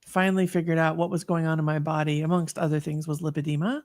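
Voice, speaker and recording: A woman's voice: sits low, level tone, fast, darkish tone, no echo, studio quality. A woman in her fifties, a guest telling her personal story in an earnest, reflective way, with many fillers and restarts. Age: 50s. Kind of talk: personal story in an online talk.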